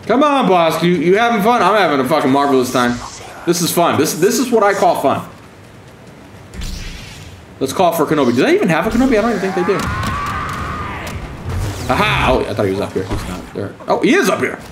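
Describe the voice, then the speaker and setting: A man's voice: a little high, big pitch swings, a little fast, long pauses, reverberant, slight background noise. A man giving profane, sarcastic commentary while streaming a game, taunting opponents with mock-scared calls. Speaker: gaming streamer.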